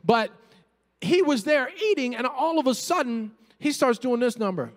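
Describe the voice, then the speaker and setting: A man preaching to his congregation in a church. His voice sits high and leaps up and down as he moves from playful asides to fervent appeals. A long reverb trails each phrase through the sanctuary. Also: normal speed. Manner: animated preaching with humorous asides and calls to the congregation. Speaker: pastor. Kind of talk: sermon.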